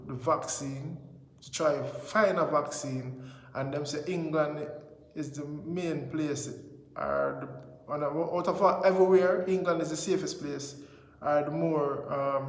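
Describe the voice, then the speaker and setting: A man with a Jamaican accent hosting a casual vlog, rambling in informal patois-flavoured talk full of greetings and blessings. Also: a little high. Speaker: vlog host. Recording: echoey room with long reverb.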